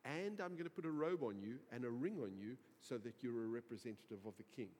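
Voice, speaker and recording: Guy doing a deep pushy king, fast talker, big echoey hall. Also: a little mellow, husky, natural voice. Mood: bargaining. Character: boastful ancient king, grown man, commanding. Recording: reverberant hall.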